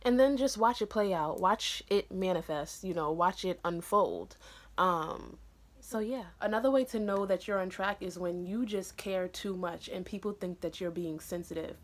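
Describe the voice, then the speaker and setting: A woman's voice: fairly low pitch, normal speed. A young woman talking straight to her viewers in a casual motivational vlog, earnest and encouraging, with lots of "um" and "you know" fillers. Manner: animated and excitable in bursts. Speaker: vlogger.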